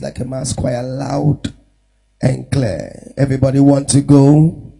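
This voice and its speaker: A man from Nigeria preaches to his congregation. His voice sits high and sounds rough and husky. He talks slowly, then swells into shouted, sing-song exhortation. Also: rough recording. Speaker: pastor. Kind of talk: sermon with congregational Bible reading.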